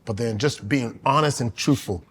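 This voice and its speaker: A man's voice: mid-range voice, normal speed, breathy edge. A man hosting a podcast interview, talking in a casual, candid, slangy way. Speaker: podcast host.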